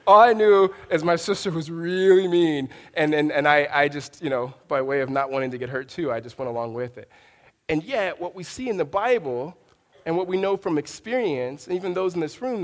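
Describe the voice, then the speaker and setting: A man's voice: on the high side, normal speed, in a large hall. A man preaching a sermon as a pastor, conversational, often restarting his sentences and telling stories. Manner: conversational, with frequent restarts and storytelling asides.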